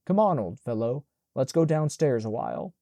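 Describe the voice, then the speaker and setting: A man voicing a weary, gentle middle-aged father who speaks quietly and soothingly. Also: mid-range voice, big pitch swings, moderate pace, vocal fry, dry recording, studio quality.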